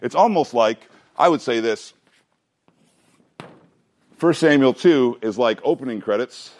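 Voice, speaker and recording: A man teaching a Bible class in a relaxed, conversational way. His voice sits at an ordinary middle pitch. He keeps turning to the room with questions and small jokes. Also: unhurried. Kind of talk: casual teaching to a group.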